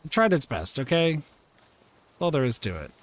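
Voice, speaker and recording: A man's voice: fairly high pitch, big pitch swings, moderate pace. A man streaming a game live, chatting playfully, reading and answering chat and reacting to the game as he plays. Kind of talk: live gameplay commentary. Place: home room.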